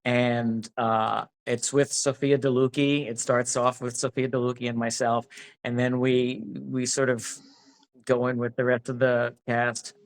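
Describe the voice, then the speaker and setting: A man's voice: mid-range voice, little pitch movement, measured pace. Rambling, hesitant man. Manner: rambling, hesitant, many restarts and fillers. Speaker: actor, interview guest. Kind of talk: casual interview chat.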